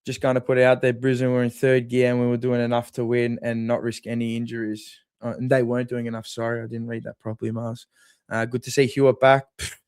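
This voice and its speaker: A man's voice: mid-range voice, smooth, no echo, studio quality. An Australian man hosting a live post-game fan stream, reading chat and bringing in callers with blunt, profane, sarcastic banter. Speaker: fan channel host.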